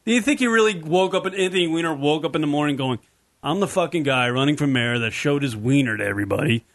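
A man's voice: on the high side, lively intonation, quick pace, fairly bright tone. A man hosting a casual radio show, joking around and talking loosely with his co-hosts. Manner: jokey, puts on silly voices. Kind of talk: casual talk radio banter.

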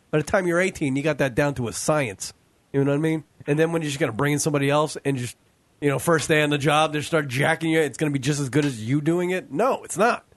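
A man's voice: on the high side, no room sound. Crude joking male podcast co-host. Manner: crude, joking, rambling storyteller. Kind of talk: casual crude podcast banter.

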